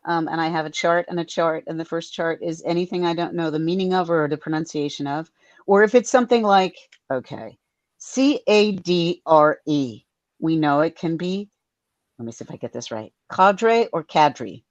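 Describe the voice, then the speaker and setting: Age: unknown. Sex: woman. Style: lively panel talk. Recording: dull dry video call audio. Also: deep voice, no echo. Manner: animated, lively explaining with quick asides.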